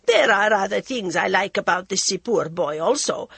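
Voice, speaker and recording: A woman reading an audiobook, voicing a bold, teasing old palace concubine with slow, emphatic phrasing. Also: medium pitch, expressive, creaky, fairly bright tone, breathy edge, no room sound, heavily acted. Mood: sly.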